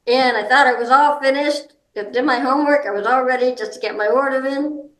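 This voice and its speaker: A woman speaking as a guest advocate, giving practical advice in an informal, halting way with many ums and restarts. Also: sits high, fairly bright tone. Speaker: guest, hard of hearing and seniors advocate. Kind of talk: explanatory advice talk. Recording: roomy echo.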